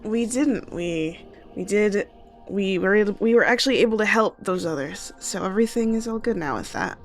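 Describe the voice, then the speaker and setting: A woman's voice: medium pitch, normal speed, soft background music. A woman playing in a tabletop game, speaking in a friendly, slightly hesitant way. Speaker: player. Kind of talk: in-character tabletop play.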